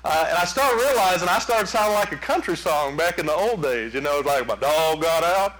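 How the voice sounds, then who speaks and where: A man preaching a sermon, telling folksy stories in an animated way. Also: high-pitched, brisk, soft background music, poor audio. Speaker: pastor.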